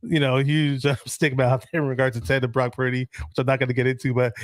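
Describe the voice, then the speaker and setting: A man hosting a sports talk show, chatting in a relaxed way and reading out viewer comments. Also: mid-range voice, fast talker, no room sound, clean studio sound. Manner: relaxed, many ums and restarts. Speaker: podcast host.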